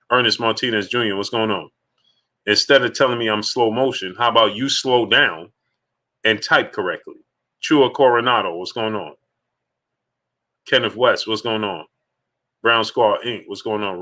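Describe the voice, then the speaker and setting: A man's voice: lowish voice, normal speed, pushed and bright. A man hosting a live sports stream in a casual, emphatic way, repeating his points and greeting viewers in the chat one by one.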